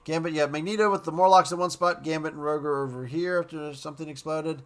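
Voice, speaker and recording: Fairly high in pitch, this man's voice carries an excited, rambling recap and review of a cartoon episode. He drops quick lines from the characters as he talks casually.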